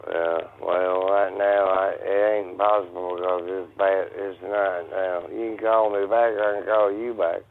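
A confused man on a phone call who speaks in a slurred, halting way. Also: deep voice, little pitch movement. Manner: confused, slurred, ain't got no. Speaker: seller on prank call. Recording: tinny phone line with faint hiss.

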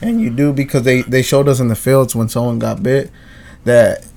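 A man's voice: mid-range voice, fairly even intonation, normal speed, gravelly, dark tone. A man chatting casually on a podcast, loosely explaining something he was shown. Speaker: podcast co-host. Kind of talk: casual chat.

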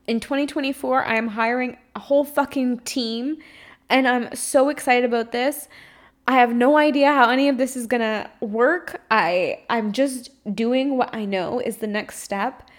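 Candid woman with a higher voice. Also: normal speed. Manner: rambling, self-searching, swears freely; emotionally open and confessional. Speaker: podcast host and spiritual coach. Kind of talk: candid solo podcast monologue.

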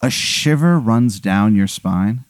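A man's voice: on the low side, lively intonation, slow, no room sound. A man running a silly tabletop game, his voice rising and falling a lot as he rambles. He stumbles through fillers and crude asides. The recording is close and dry. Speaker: game master. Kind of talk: narrating a comedic tabletop game.

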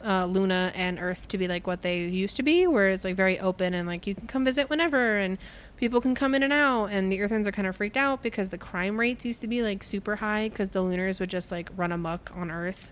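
A woman's voice: mid-range voice, brisk, clean tone. A young woman co-hosting a casual book podcast, retelling the plot in a chatty, filler-heavy way and laughing often. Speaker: podcast co-host. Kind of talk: casual book recap chat.

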